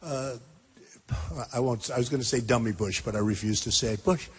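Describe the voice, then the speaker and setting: A man in his sixties giving a rambling, emphatic campaign rally speech in a packed high school gym, repeating his points and talking straight to the crowd. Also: fairly quick, breathy edge. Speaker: political candidate.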